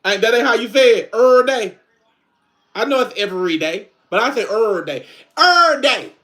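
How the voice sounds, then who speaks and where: A high-pitched man hosts a relaxed livestream from home, talking straight to his viewers. His chat is loose and laughing, recorded on a phone or webcam. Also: fast. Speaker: livestream host.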